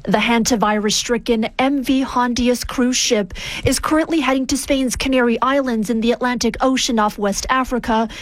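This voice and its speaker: Female reporter, slightly high voice, dry recording, measured news read. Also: steady tone, no room sound.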